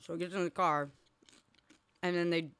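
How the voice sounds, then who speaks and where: A young woman with a fairly low voice recaps a film for her podcast. She jumps between narration and quoted dialogue, laughing and cursing freely. Her voice sounds dry and close to the mic. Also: fairly even intonation, normal speed, a bit bright, clear, resonant tone, no room sound. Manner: retells scenes with quoted voices, laughs often, swears. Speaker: podcast co-host. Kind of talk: casual movie recap chat.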